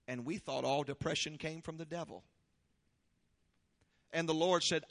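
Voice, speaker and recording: A man preaching a sermon, leading prayer and praise with fervor, then reading scripture slowly and explaining it. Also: mid-range voice, expressive, long reverb tail. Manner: fervent, shouting praise then slow deliberate teaching. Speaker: pastor.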